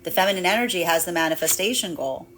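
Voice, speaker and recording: This woman reads tarot in a rather low voice. She circles back over the same phrases again and again, restarting her sentences as she goes. Now and then she breaks into a playful acted aside. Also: animated, fast, fairly bright tone, soft background music. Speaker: tarot reader. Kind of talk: spiritual tarot reading monologue.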